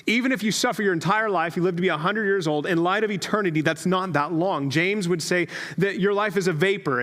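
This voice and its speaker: A man in his thirties preaching a sermon as a pastor, telling stories in a conversational, self-deprecating way with quick asides. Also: high voice, fairly bright tone. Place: church sanctuary. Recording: long reverb of a church hall.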